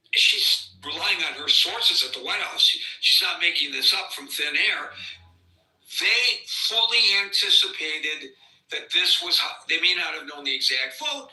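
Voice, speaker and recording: Man, podcast host, sarcastic, rambling, highish voice, distant from the mic. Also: sharp tone. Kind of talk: live political commentary show. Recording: roomy sound, distant from the mic.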